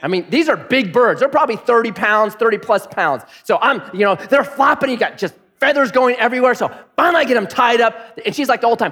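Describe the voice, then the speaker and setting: A middle-aged man preaching a sermon, telling stories and swinging between punchy lines and hushed asides. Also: extremely high pitch, expressive, fast, few pauses. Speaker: pastor. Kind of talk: sermon with storytelling.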